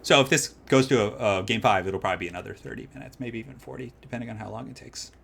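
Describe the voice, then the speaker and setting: A man casting a strategy game match live, moving from calm analysis to loud excited hype. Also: on the low side, fast talker, gravelly. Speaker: streamer casting a tournament match.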